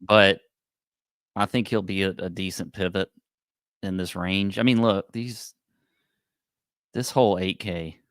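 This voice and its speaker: A man's voice: low voice, fairly even intonation, a little slow, pauses often, a bit bright, clean tone, no echo, clean studio sound. A man co-hosting a golf podcast over a remote call, talking in an easygoing way and often restarting his words. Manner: easygoing, hesitant, repeats words. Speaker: podcast co-host. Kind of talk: casual golf betting chat. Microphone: remote call over unstable Wi-Fi.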